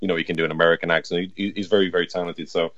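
A man's voice: sits low, little pitch movement, racing, a bit bright, no echo, highs cut off. A man chatting casually and enthusiastically on a podcast, rambling a little. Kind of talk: casual chat.

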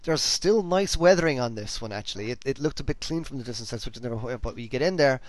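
Talking fast and animatedly in a medium-pitched voice with no echo, a podcast host chats casually. He's enthusiastic and rambling, restarting frequently.

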